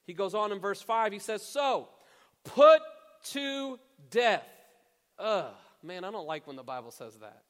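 High-voiced preaching man, hall echo. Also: very animated, a little fast, hardly any pauses, a bit bright. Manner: emphatic preaching with stretched, stressed words. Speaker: pastor. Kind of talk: sermon. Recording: long reverb of a church hall.

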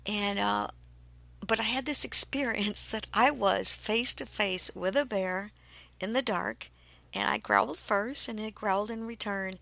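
A woman podcast host telling a personal story in a slow, hushed way, often dropping into a whisper. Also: medium pitch, gravelly, no room sound.

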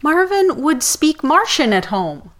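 A woman's voice: high-pitched, sing-song, unhurried, a bit bright. A woman co-hosting a podcast, presenting a word of the day with dry humour in casual chat. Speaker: podcast co-host.

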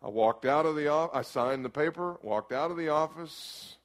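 A middle-aged man, preaching a storytelling sermon that swings from hushed asides to sudden shouts. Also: fairly high pitch, moderate pace. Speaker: pastor.

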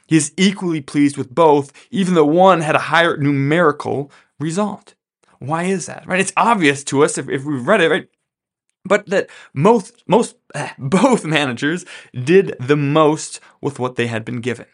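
A man's voice: a little high, animated, normal speed. A man hosting a podcast, teaching about money from a Bible story in a casual way and often checking in with "right?". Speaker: podcast host.

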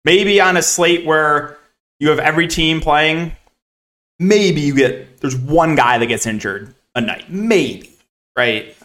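A man hosting a fantasy sports podcast in casual solo commentary. He is sarcastic and exasperated, keeps repeating "right?", and swings between low mutters and loud outbursts. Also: takes it slowly. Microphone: camera facing speaker.

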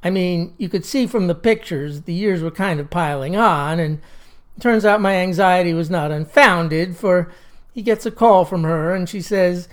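A woman's voice: on the low side, moderate pace. A woman telling a comic story in a wry, folksy, drawling manner. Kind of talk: comic monologue.

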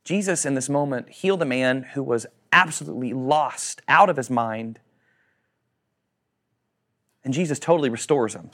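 A man preaching a sermon to a congregation, animated, acting out quoted voices and asking questions. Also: medium pitch, moderate pace, long pauses. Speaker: pastor.

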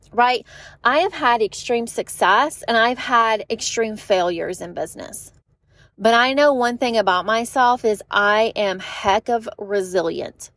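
A woman's voice: fairly high pitch, a bit bright, dry recording. A young woman giving a chatty, emphatic motivational talk about business, often laughing and acting out quoted voices. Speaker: online business coach.

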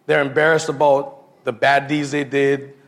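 A man's voice: medium pitch, flat delivery, unhurried, a bit bright. A man giving an informal sermon built on personal stories, talking casually with slang and repeated words and calling listeners "bro.". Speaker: lay preacher.

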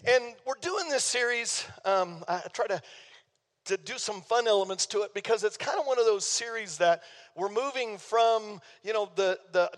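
An older man, preaching a sermon as pastor in a folksy, playful way. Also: high-pitched. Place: church sanctuary. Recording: long reverb of a church hall.

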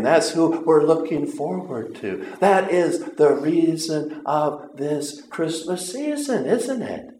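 Slow, earnest preacher in an echoey room. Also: male voice, fairly high pitch, darkish tone. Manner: earnest, halting, with repeated words and long pauses. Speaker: pastor. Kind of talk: sermon. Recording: roomy echo.

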